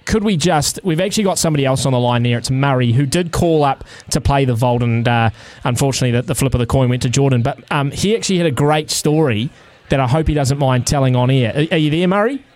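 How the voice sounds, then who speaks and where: A man's voice: medium pitch, quick pace, darkish tone. A man with a New Zealand accent co-hosting a live radio show, talking a caller through a quiz game in a friendly way. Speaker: radio co-host.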